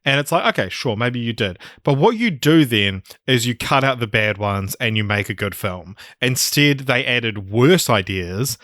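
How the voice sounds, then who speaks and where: A man's voice: medium pitch, expressive, measured pace, few pauses, fairly bright tone, no echo, clean studio sound. A man co-hosting a casual film podcast, talking with rambling enthusiasm and swearing freely. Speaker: podcast co-host.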